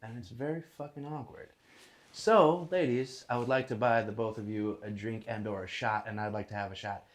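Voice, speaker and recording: A man's voice: medium pitch, normal speed. Young man telling a rowdy story. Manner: animated, profane, laughing storyteller. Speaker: podcast guest. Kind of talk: casual storytelling chat. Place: podcast studio.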